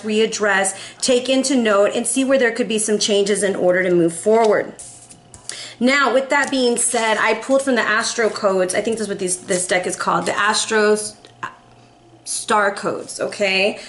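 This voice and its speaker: A woman's voice: fairly high pitch, echoey room. A woman in her forties giving a casual, upbeat tarot reading, chatty and often checking in with "okay?". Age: 40s. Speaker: tarot reader.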